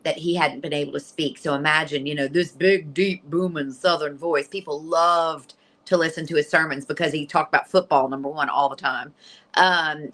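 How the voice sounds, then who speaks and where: A middle-aged woman from Virginia, a guest in an interview, earnestly telling a personal story with lively restarts. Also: low voice, low-quality recording. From Virginia, USA.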